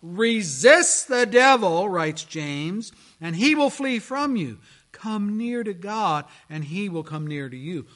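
A man preaches as a pastor, shifting his storytelling between soft, quiet moments and bold proclamation. He speaks slowly and expressively in a high voice.

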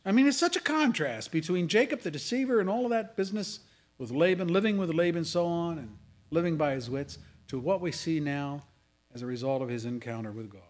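A man preaching a sermon, swinging between loud dramatic scripture reading and hushed asides. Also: on the high side, expressive, brisk. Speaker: pastor. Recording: audio of a sermon.

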